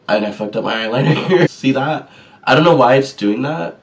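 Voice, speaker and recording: A man's voice: mid-range voice, lively intonation, moderate pace, recorded from a distance. A man chatting casually and sassily through a makeup tutorial, joking at his own mistakes. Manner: chatty, sassy and self-deprecating. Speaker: vlogger.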